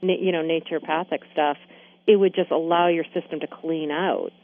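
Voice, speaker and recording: A woman's voice: low voice, steady tone, fairly quick, phone-quality sound. A woman co-hosting a podcast, easygoing and agreeable, with loose, casual phrasing. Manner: easygoing, agreeable, uses lots of fillers. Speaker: podcast co-host. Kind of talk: casual conversation.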